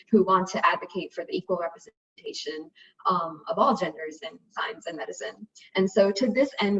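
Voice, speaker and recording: A woman's voice: lowish voice, distant mic. A young woman, a student group president, presenting chattily on a video call with many fillers. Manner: chatty, fillers, speaking softer in places. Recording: dull lo-fi audio, off mic.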